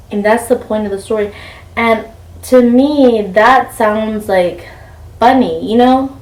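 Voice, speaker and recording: A woman's voice: mid-range voice, darkish tone. A young woman vlogger telling a rambling story while packing, full of fillers and "like". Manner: chatty, rambling with many fillers and "like". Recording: roomy, mic a bit far off.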